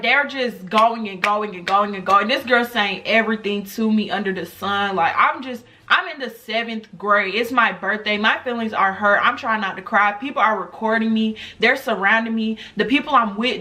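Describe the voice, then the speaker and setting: A young woman from the United States telling a personal story on her vlog, talking to viewers in an animated, chatty way. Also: on the high side. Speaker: vlogger.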